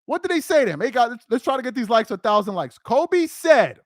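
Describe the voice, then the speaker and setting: Emphatic livestream reaction host, lively pitch. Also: normal speed, no echo, studio quality. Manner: emphatic, repeats phrases for effect. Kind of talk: live reaction commentary.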